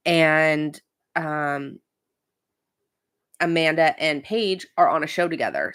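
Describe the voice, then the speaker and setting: Chatty opinionated woman with a lowish voice. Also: a bit bright. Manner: chatty, opinionated, many fillers. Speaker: podcast host. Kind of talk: casual recap.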